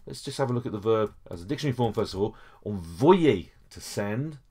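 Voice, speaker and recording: A man's voice: lowish voice, lively intonation, fairly quick, warm tone, husky. A man teaching a French lesson over a screen recording, explaining each step patiently with frequent okays and small hesitations.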